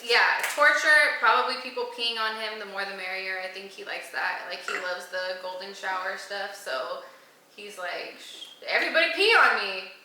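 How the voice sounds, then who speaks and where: A woman's voice: medium pitch, moderate pace, bright, forceful tone. A woman co-hosting a casual TV recap, acting out characters' lines and swearing freely. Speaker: podcast co-host. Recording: echoey room with faint noise.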